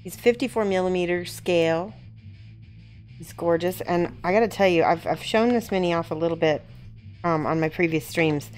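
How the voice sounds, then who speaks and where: A woman host chatting excitedly on a live stream as she shows off a miniature she is painting. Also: lowish voice, moderate pace, faint music behind. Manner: chatty and excitable, often laughing. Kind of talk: casual live-stream chat.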